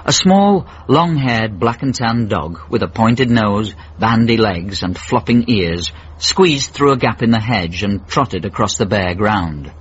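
A man narrating a radio comedy story in a dry, measured way. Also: fairly low pitch, lively intonation, slightly rough. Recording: dull old radio broadcast.

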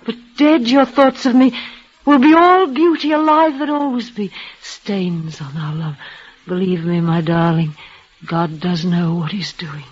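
A woman's voice: on the low side, breathy edge. A frail, dying young woman. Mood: tender. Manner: breathless, halting, emotional, full of restarts. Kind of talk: 1940s radio acting. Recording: muffled old radio broadcast.

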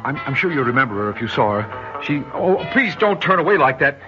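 A bewildered, stammering businessman, played by an actor, whose voice lurches between pleading and shouting in an old radio drama. A loud musical score plays underneath him, and the whole recording sounds muffled and dull. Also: mid-range voice, animated, brisk, over music, close to an everyday voice. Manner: flustered and stammering, swinging to desperate shouts. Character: lost, bewildered businessman searching for his wife. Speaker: lead character in a radio drama.

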